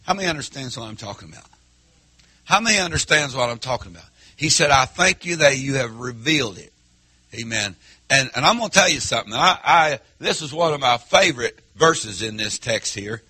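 A man preaching a sermon in church, firing rhetorical questions and swinging between loud emphatic lines and hushed asides. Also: medium pitch, animated, fairly quick, breathy edge, no echo. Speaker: pastor.

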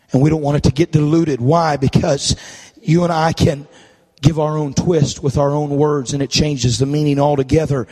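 A male preacher delivering a sermon, rising into shouted, sing-song preaching with rhythmic uh's. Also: fairly high pitch, breathy edge, big-room sound. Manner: building to chanted, shouted preaching.

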